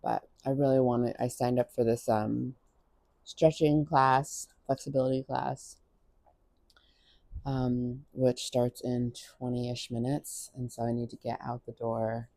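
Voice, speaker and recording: A woman's voice: a bass voice, little pitch movement, slow, mellow, dry recording. A tired woman vlogging at home, rambling and self-deprecating while she eats and gets ready to leave. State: tired, eating while talking. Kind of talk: casual vlog chat.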